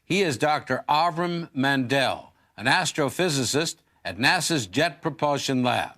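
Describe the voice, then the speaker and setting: A bright-voiced TV news anchor. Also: male voice, medium pitch, lively intonation, a little slow. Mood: measured. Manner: smooth, authoritative hand-offs. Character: male TV news lead anchor.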